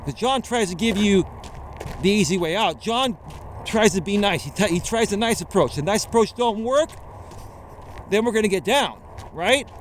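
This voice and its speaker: A man talks on a casual walking vlog, an animated storyteller with a slightly high voice who keeps checking in with "right?". He records outdoors at night on a phone with a small shotgun mic. Steady traffic noise from a nearby freeway runs under his voice. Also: normal speed. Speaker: life coach. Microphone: phone on a selfie stick with a mini shotgun mic.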